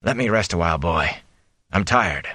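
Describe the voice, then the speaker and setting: A weary, wounded farmer father talks in a hushed, tired murmur, as a man reading a storybook puts him on. His voice sits very deep and dry, as if close to the mic in a quiet space. He stays steady and calm despite his injury. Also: moderate pace, breathy edge, no echo, exaggerated voice.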